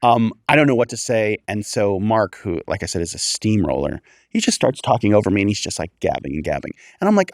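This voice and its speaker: A man, a guest on a comedy podcast, telling a long story with lively energy. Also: fairly low pitch, fairly quick, hardly any pauses, dry recording, studio quality. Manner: animated storyteller, acts out quoted voices.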